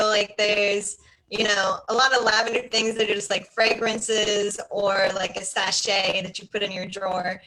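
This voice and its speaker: A woman's voice: mid-range voice, bright, forceful tone, rough recording. A middle-aged woman hosting a casual video-call chat, rambling and laughing often. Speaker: host.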